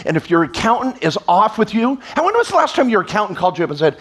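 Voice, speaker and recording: Lively high-voiced man on stage. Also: fast talker, hardly any pauses, slightly rough. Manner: animated, sarcastic, jumps into quoted voices. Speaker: tax attorney speaker. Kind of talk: energetic stage talk. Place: event stage before an audience.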